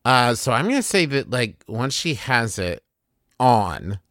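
A man's voice: mid-range voice, sing-song, measured pace, a bit bright, dry recording, clean studio sound. A man playing a tabletop game, musing hesitantly about his character's moves. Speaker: player. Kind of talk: casual game talk.

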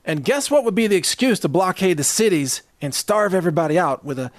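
A man's voice: sits high, lively intonation, a little fast, no room sound, studio quality. Sarcastic, chuckling male host. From Southern US. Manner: sarcastic, chuckling between jabs. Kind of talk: ranting monologue.

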